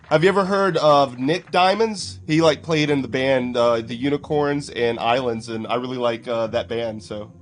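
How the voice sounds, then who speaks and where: A man's voice: medium pitch, fairly even intonation, moderate pace, few pauses. Mocking man reacting on a stream. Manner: mocking, chatty, greets chat. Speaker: commentary streamer. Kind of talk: casual reaction commentary.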